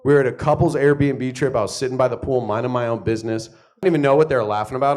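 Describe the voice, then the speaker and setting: A man's voice: mid-range voice, racing. A man doing a stand-up comedy set on a club stage, telling stories with lots of swearing and acted-out quotes. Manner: profane, animated storytelling with acted quotes.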